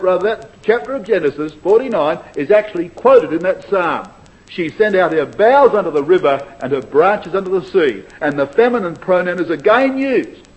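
Male preacher, high animated voice, dull lo-fi tape. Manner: expository Bible preaching, addresses brethren and sisters. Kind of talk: sermon. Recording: dull lo-fi recording.

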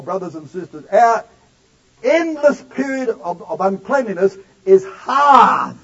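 A male preacher delivering a sermon, addressing the congregation directly and slowing down to stress key words. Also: sits high, slightly rough, dull audio.

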